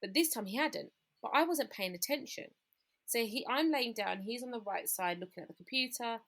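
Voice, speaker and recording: A woman tells her own story in an interview, her voice carrying a gravelly edge. She talks candidly and acts out what everyone said to her. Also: on the high side, moderate pace, a bit bright. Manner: candid, recounting events with quoted dialogue. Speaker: guest. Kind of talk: personal story in a podcast interview.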